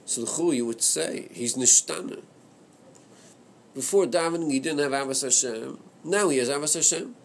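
A man leading a study class on a Chassidic text, thinking aloud in a hesitant, halting way that repeats words. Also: on the high side, slight background noise. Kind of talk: Torah study class discussion.

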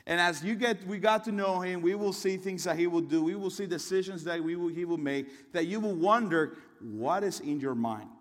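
A fairly high-voiced young man preaches a sermon, telling a story in a chatty, rambling way. His voice rings out with the long reverb of a big hall. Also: moderate pace, hardly any pauses. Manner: conversational and storytelling, with restarts and asides.

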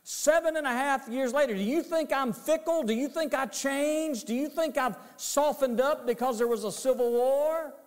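A man's voice: sits high, very animated, a little slow, big-room sound. A man voicing a stern, righteous old-testament king who rebukes with indignant emphasis.

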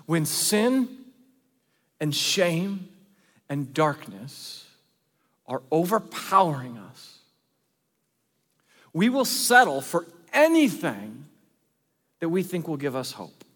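A man preaching a sermon as pastor, earnest, shifting between loud emphasis and hushed asides. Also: fairly high pitch, big pitch swings, slow pace, pauses often. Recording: long reverb of a large hall.

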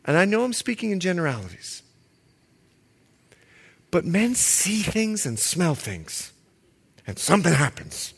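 A man preaching a sermon, animated and playful, swinging between loud and hushed. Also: high-pitched, unhurried, vocal fry, pauses often, slightly rough. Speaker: pastor.

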